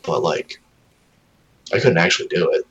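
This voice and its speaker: A man with a very low, deep voice chats casually with a friend. He rambles through stories, swears freely and slips into voices to mimic his pets. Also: moderate pace, a bit bright, breathy edge, highs cut off. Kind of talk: casual chat.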